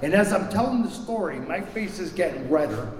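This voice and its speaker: Recorded from a distance in an echoey hall with a little hiss or hum, a man with a high, expressive voice speaks a little fast at a recovery meeting. Candid and self-deprecating, he shares a personal story, repeating words as he hunts for the right ones.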